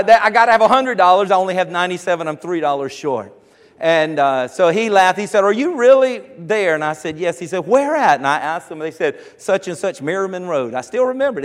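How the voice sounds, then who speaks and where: In a church sanctuary with long, echoing reverb, a pastor delivers a sermon built around a personal story. His voice sits high for a man, and he tells the tale on himself with a grin before driving the point home with rising fervor.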